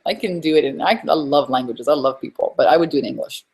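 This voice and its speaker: A woman hosting a live webinar from home as a business coach, talking in an energetic, rambling, emphatic way. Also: low-pitched, quick pace, slightly rough.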